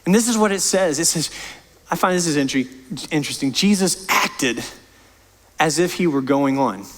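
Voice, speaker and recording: A man's voice: fairly high pitch, expressive, moderate pace, big-room sound. A man preaching as pastor, impassioned and emphatic, often repeating and restarting words. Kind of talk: sermon. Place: church sanctuary.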